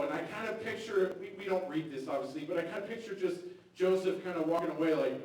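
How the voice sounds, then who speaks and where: Casual preacher in an echoey church. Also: male voice, sits high, quick pace, darkish tone, slight background noise. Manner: casual, conversational preaching with acted-out quotes. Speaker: pastor. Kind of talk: sermon. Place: church sanctuary. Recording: very echoey hall, mic far off.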